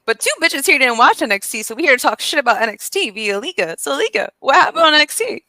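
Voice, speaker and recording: Woman, podcast co-host, bright tense voice, teasing, cussing, slangy, dry sound. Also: high voice, lively intonation, quick pace, no room sound. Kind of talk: casual banter.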